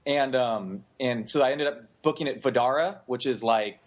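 A man's voice: medium pitch, normal speed. Hesitant man on a dull, lo-fi line. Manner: hesitant, many filler sounds. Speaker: podcast co-host. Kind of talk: casual chat. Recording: dull lo-fi sound.

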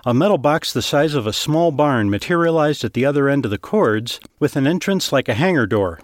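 A man's voice: medium pitch, expressive, a little fast, no echo. Man narrating fiction, dry close mic.

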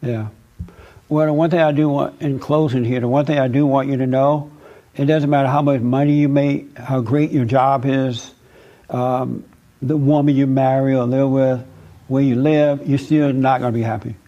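A man's voice: medium pitch, little pitch movement, normal speed. Preachy guy counseling someone, repeats stuff for emphasis, kinda muffled lo-fi audio. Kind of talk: spiritual counseling talk.

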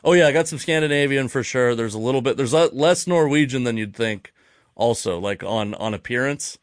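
A man's voice: mid-range voice, brisk, no room sound, clean studio sound. A man hosting a podcast in a jokey, self-deprecating way. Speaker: podcast host. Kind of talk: casual podcast chat.

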